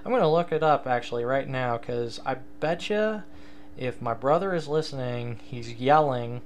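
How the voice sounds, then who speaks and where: A man's voice: mid-range voice, moderate pace, slight background noise. A young man hosting a casual solo sports podcast, rambling and self-deprecating, with many fillers and restarts. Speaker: podcast host.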